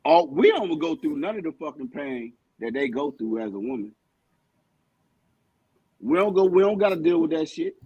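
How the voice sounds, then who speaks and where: A husky man with a fairly high voice, making his case hard in a heated podcast debate. He talks bluntly and swears freely, and the sound is close and dry. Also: very animated, moderate pace, pauses often, a little mellow, no echo, highs cut off. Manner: blunt, emphatic, heavy profanity. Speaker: podcast co-host.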